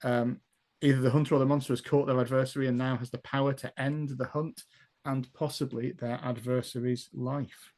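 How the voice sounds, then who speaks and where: A man's voice: mid-range voice, flat delivery, a little fast, a little mellow. A man running and narrating a tabletop role-playing game, telling the story loosely with fillers and laughs. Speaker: game master.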